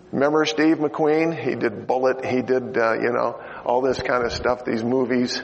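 An older man preaching a sermon in a chatty, joking way, with many fillers. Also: mid-range voice. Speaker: pastor. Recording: dull lo-fi sound in a reverberant hall.

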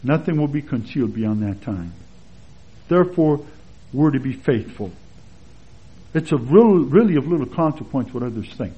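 A man giving a conversational expository sermon as a Bible teacher, relaxed and chatty, with anecdotes and chuckles along the way. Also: medium pitch, moderate pace, pauses often, breathy edge. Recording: dull lo-fi sermon recording.

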